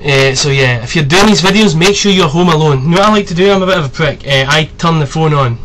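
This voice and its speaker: Chatty young man with a higher voice. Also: fast talker, fairly bright tone, a little hiss or hum. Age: 20s. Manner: chatty, rambling, swears freely. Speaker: video tutorial host. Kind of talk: casual screen-recorded tutorial.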